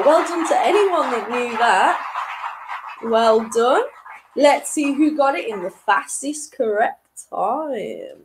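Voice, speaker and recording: A woman's voice: on the high side, animated, slow pace, a little hiss or hum, poor audio. A woman in her late twenties hosting an online quiz, chatty and self-deprecating, often breaking into giggles. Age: 20s. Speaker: quiz host.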